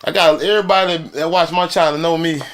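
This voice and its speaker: A man's voice: fairly high pitch, fairly even intonation, quick pace, fairly bright tone. A man from Florida on a live stream, arguing heatedly and boasting, with repetitive challenges and frequent laughter.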